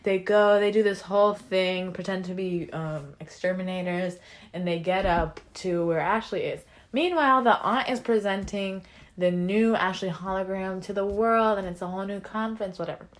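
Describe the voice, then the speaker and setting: A woman's voice: medium pitch, steady tone, moderate pace. Chatty young woman recapping a show. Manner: chatty, quotes characters in slangy voices. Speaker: podcast co-host. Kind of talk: casual recap chat.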